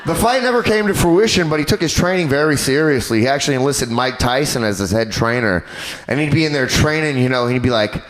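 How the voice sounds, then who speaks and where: A man doing a stand-up comedy set on a club stage, animated and crude in his delivery. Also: on the high side, normal speed, background noise. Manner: animated, crude, jumps into character voices.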